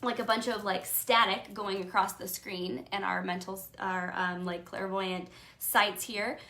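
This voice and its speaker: Bright-voiced chatty woman coach. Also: medium pitch, level tone, unhurried. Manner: chatty and emphatic, with many fillers. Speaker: life coach. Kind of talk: casual motivational talk.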